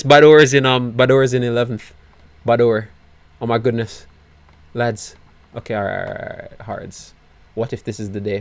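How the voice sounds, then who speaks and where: A man talks through a game as he plays it, his voice worn and going hoarse. He drops to low, despairing mutters, then bursts into loud, excited shouting, all at an ordinary mid pitch for a man. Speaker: gaming video creator. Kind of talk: live gameplay commentary.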